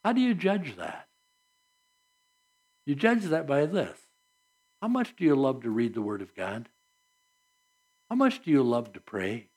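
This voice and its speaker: A man's voice: medium pitch, huge pitch swings, unhurried, pauses often, a little mellow, husky. A man preaching a sermon at a church service, earnest and conversational, asking the congregation rhetorical questions. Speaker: pastor.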